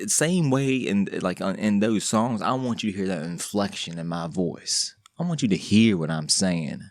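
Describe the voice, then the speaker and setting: This casual solo podcast monologue comes from its host, a man whose voice sits on the low side. The sound is clean studio audio without echo, and his talk is rambling, slangy and joking, with plenty of restarts.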